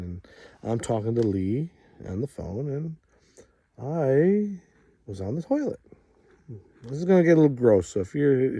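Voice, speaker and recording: A man's voice: mid-range voice, no room sound. A man hosting a show, telling a rambling story outdoors in a casual way and getting worked up as he goes. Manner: rambling, animated, quick to get worked up. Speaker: host. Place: outdoors at a ranch.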